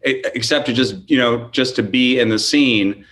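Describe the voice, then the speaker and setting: A man's voice: medium pitch, normal speed, fairly bright tone. A man guest on a podcast, laughing easily and searching for his words. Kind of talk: casual podcast chat.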